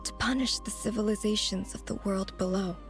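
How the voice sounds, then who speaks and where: An ancient moon goddess, played by a woman tells her story in a measured, solemn way. Her voice sits at an ordinary middle pitch. It is a game cutscene performance. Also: steady tone, soft background music, natural voice.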